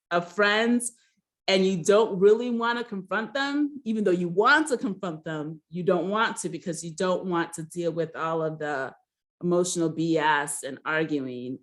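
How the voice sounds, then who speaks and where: A woman's voice: on the low side, moderate pace. A woman casually recapping a reality show episode, rambling with many fillers and giving blunt, gossipy opinions.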